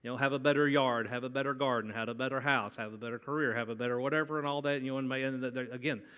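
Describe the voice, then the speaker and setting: A man's voice: mid-range voice, fairly even intonation, very fast, bright, forceful tone, clear, resonant tone. A man preaching a sermon in a conversational way, often asking the congregation questions. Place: church sanctuary. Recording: long church hall reverb.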